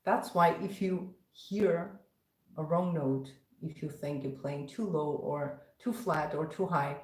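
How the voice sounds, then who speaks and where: A woman's voice: deep voice, slow. A woman teaching violin in a live-streamed lesson, patiently explaining step by step between passages she plays. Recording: roomy echo, violin playing around speech.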